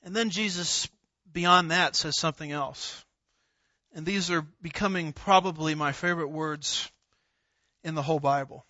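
A man preaching an expository sermon, emphatic and deliberate, stressing single words. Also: on the high side, sharp tone, no echo. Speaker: pastor. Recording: dull lo-fi recording.

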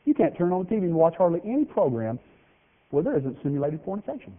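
A man preaching a folksy, joking sermon, with lively swings in pitch. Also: fast talker. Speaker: pastor. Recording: tinny phone-like radio broadcast of a hall.

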